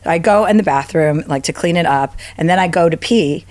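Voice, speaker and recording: A woman's voice: fairly quick, darkish tone, no room sound. Profane, storytelling woman in her fifties. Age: 50s. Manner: profane, acts out quotes with big pitch jumps. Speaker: podcast guest. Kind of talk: animated storytelling.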